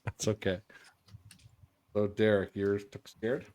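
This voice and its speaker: A man running a tabletop game as game master, describing the scene in a halting, loose way with lots of fillers. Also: fairly low pitch, flat delivery, darkish tone, no echo.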